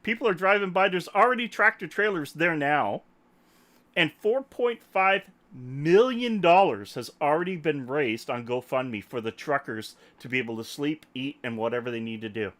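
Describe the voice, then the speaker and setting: Animated man ranting brightly. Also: fairly high pitch, moderate pace. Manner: animated, emphatic, jokey ranting. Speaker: podcast host. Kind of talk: casual ranting chat. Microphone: desktop microphone.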